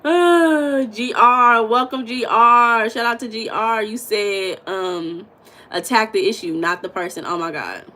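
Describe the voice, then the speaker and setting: An American woman hosting a casual livestream, chatting and reading viewer comments in a blunt, animated way, with occasional swearing and emphatic bursts. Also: fairly high pitch, unhurried, rough recording. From United States. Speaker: livestream host.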